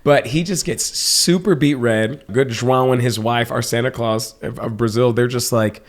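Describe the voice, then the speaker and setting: A man's voice: mid-range voice, steady tone, normal speed. A man in his thirties co-hosting a podcast, telling a story casually, laughing often and acting out quotes. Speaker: podcast co-host.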